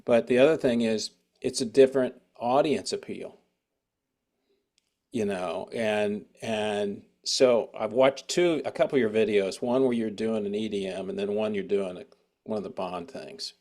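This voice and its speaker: A man's voice: fairly low pitch, unhurried, darkish tone. A man hosting an interview, asking long, rambling conversational questions. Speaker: show host. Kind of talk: casual interview chat.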